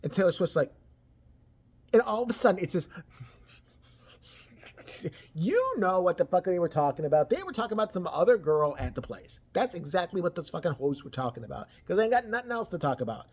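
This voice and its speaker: A person ranting about celebrity gossip, crude and mocking, swearing constantly and swinging between loud outbursts and low mutters. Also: big pitch swings, a little fast, husky. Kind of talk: profane ranting commentary.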